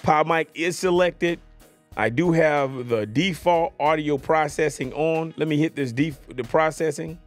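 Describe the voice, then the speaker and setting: A playful man with a voice pitched a little higher than most, chatting through a hands-on gear demo. He jokes around and keeps checking that the listener is following him. He talks into a podcast microphone in a quiet home studio, with soft music faintly underneath. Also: a little slow. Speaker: tech gear reviewer. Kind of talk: casual product demo. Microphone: USB podcast mic on desk.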